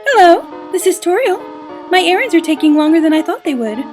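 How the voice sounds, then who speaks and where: A woman voicing a gentle, motherly goat-monster woman who speaks formally and politely while reading game dialogue aloud. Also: extremely high pitch, sing-song, fairly quick, faint music behind, pitched above the performer's own voice. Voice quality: formal, soft-spoken, old-fashioned phrasing.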